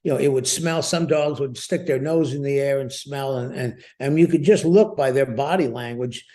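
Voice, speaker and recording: A man in his seventies from the United States, a veteran guest telling stories in an interview with a lively, chuckling manner. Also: medium pitch, normal speed. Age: 70s. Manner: lively, chuckling storyteller who repeats words as he goes. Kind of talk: storytelling interview.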